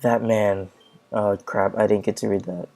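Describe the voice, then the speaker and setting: Creaky low-voiced man playing a game. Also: little pitch movement, fairly quick, darkish tone. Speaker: gameplay commentator. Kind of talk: let's play commentary, reading game dialogue aloud.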